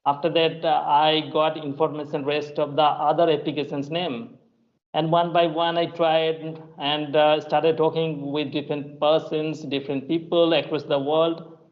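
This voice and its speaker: A man with an Indian English accent, working as an English tutor, leads casual conversation practice, speaking hesitantly with many fillers and restarts. His voice is on the high side with little pitch movement, at normal speed, and the highs are cut off.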